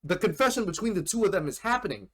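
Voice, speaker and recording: High-voiced man gushing about anime. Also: quick pace. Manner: rambling and animated, with casual swearing. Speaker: anime reaction host. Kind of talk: casual reaction commentary.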